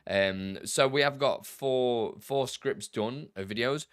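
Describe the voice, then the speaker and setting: A man's voice: medium pitch, takes it slowly, clean tone, no room sound, studio quality. A young man chatting casually on a live stream, greeting viewers by name and laughing easily as he takes tech questions.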